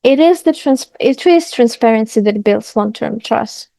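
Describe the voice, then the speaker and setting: A woman's voice: a little high, animated, vocal fry, mellow, no room sound. A woman teaching an English lesson, reading out terms and example sentences with brief comments. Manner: reads vocabulary and example sentences aloud, pauses to comment. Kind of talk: language lesson.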